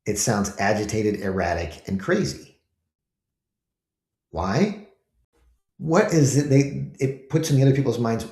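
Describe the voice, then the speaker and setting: A man's voice: mid-range voice, unhurried, pauses often, a little mellow, reverberant. A man hosting his own show, giving casual commentary with emphatic rhetorical questions to his viewers. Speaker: host.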